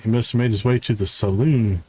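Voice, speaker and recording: Man voicing a fussing, tender pet owner, cooing and slow. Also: lowish voice, fairly even intonation, a little mellow, breathy edge, dry recording. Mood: doting. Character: doting pet owner fussing over a cat. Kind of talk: reading game dialogue aloud in voices.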